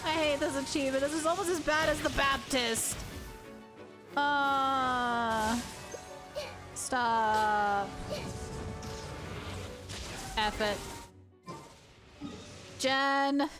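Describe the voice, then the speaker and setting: A woman streams a game live and talks her viewers through every failed attempt. She speaks slowly in a high voice, exasperated and self-mocking, and laughs often. Loud music plays behind her. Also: fairly even intonation.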